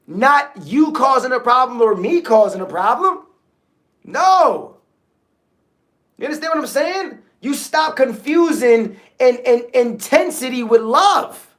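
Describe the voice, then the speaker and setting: High and a bit bright, the voice moves slowly with lively intonation. Giving a motivational livestream talk, the host keeps it casual, circles back to key phrases, and often pauses to check on listeners.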